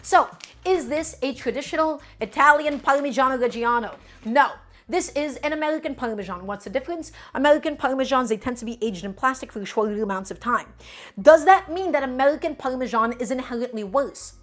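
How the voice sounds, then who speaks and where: Woman from Brooklyn, cooking-stream host, a bit high-voiced, chatty and explanatory. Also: animated, a little fast, fairly bright tone. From Brooklyn, New York. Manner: chatty, explains each step while answering viewers. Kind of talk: live cooking stream, talking to chat.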